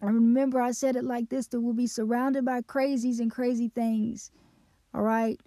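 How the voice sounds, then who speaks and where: A woman teaching through a Bible passage in an earnest way, slowing down to stress key words. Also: on the high side, little pitch movement, mellow, dry recording.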